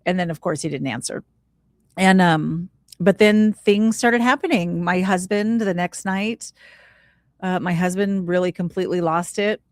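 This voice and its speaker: Woman podcast guest, slightly low pitch, earnest spiritual storyteller, casual speech. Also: measured pace, no room sound, clean studio sound. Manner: casual, earnest, leans on "like" while recounting; spiritual, reflective tone. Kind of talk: heartfelt personal storytelling.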